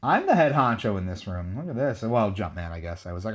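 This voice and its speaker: A man's voice: lowish voice, sing-song, fairly quick. A man chatting casually to his viewers while playing a racing game on a livestream, rambling and talking straight to chat. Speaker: streamer. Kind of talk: casual livestream gaming commentary.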